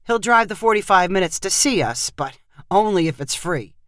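A woman's voice: mid-range voice, expressive, moderate pace, fairly bright tone, dry recording, lightly acted. A woman voicing a worn-out defensive dad. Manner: defensive and strained. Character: tired defensive father on a family trip.

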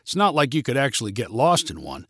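A man's voice: mid-range voice, wildly swooping pitch, fast talker, fairly bright tone, breathy edge, no room sound, studio quality, full character voice. A man reading the part of a sarcastic, skeptical young man who grumbles about everything.

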